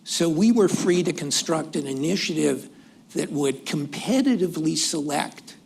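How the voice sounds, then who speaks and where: Man, former official on a panel, gravelly and husky, measured delivery. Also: a little high. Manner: measured, deliberate delivery with occasional restarts. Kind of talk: panel discussion remarks. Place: conference hall event.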